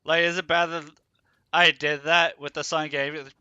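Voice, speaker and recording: Laid-back bright-voiced man streaming a game. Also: on the high side, level tone, normal speed, smooth, dry recording, highs cut off. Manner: laid-back, chatty with chat viewers. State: sleepy, yawning. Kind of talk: casual gameplay commentary. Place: room at home.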